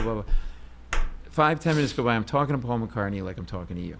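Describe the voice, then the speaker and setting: A man, a stand-up comedian, telling an animated story as an interview guest, acting out voices and sometimes shouting. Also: mid-range voice, fast talker, gravelly, slight background noise. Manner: excitable, acts out voices, bursts into shouts.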